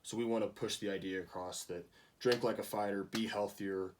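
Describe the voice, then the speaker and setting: A man's voice: lowish voice, steady tone, moderate pace, recorded from a distance, noisy background. A young man giving a casual class project presentation, with frequent ums and restarts. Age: young adult. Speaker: student presenter.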